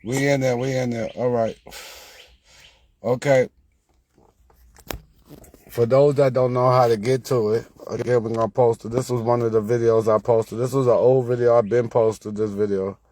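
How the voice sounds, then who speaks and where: A man talking casually to viewers about lottery picks, repeating himself and growing exasperated, getting louder when he quotes their questions. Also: medium pitch, little pitch movement, normal speed, long pauses. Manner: repetitive, exasperated, rises when quoting viewers. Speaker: lottery tips creator.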